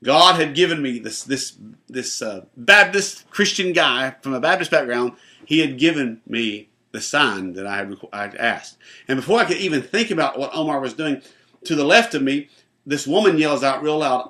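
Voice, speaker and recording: A man, a pastor, telling a personal testimony in an animated way and acting out the voices in his story. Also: medium pitch, moderate pace.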